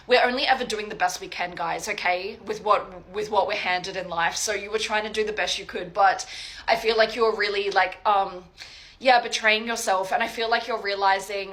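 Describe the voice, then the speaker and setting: Bright-voiced young woman doing a tarot reading, chatty, swears a lot, keeps saying okay guys. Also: medium pitch, rough recording. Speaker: tarot reader. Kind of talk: casual psychic reading to viewers.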